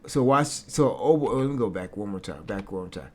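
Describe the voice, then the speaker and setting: A man casually reacting to sports footage for his viewers, excitable and repeating himself as he breaks down technique. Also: fairly low pitch, moderate pace. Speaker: reaction streamer.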